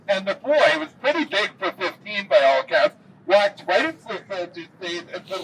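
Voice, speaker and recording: High-voiced male tour guide outdoors. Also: a little fast. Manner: lively storyteller with dry jokes. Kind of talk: storytelling historical tour talk. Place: outdoors in a city square. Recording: distant camera mic, faint street noise.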